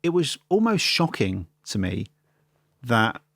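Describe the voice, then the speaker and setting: A man's voice: mid-range voice, very animated, slow, gravelly, fairly bright tone, no room sound. A man from London hosting a podcast, chatting casually and telling stories with self-deprecating humour. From London, England. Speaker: podcast host. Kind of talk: casual interview chat.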